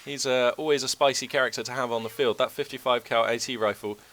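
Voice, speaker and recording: This man's voice is medium-pitched, slightly bright and fairly even, and he speaks fast. He has a cold that leaves his voice a bit low as he casually rambles through strategy-game commentary with lots of fillers, over game gunfire and artillery.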